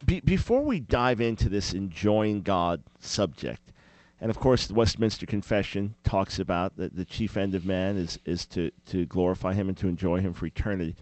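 Animated male Christian talk show host. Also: deep voice, normal speed, dry recording. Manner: animated, mock-chanting with playful exaggeration.

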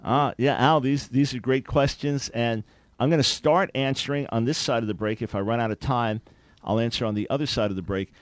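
A man's voice: medium pitch, brisk, dry recording. A man hosting a call-in radio talk show, answering listener questions in an earnest, explanatory and emphatic way.

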